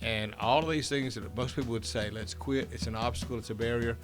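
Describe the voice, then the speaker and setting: A man's voice: medium pitch, steady tone, brisk, music in the background. Encouraging male podcast host. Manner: encouraging, frequent short affirmations. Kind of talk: casual podcast interview.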